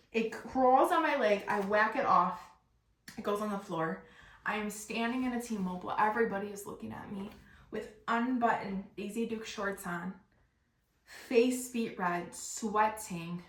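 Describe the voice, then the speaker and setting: A young woman hosting a podcast, telling a comic story in an animated, profane, self-mocking way. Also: mid-range voice, moderate pace, a little hiss or hum. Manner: animated, profane, laughing at herself. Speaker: podcast host. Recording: roomy echo.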